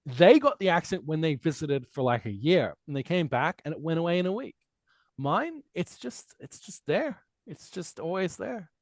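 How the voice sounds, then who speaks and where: Animated man with a mixed Australian-American accent. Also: fairly high pitch, moderate pace, no echo, clean studio sound. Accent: Australian mixed with American Midwest. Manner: animated storytelling with repeated restarts. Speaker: guest. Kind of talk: casual conversation.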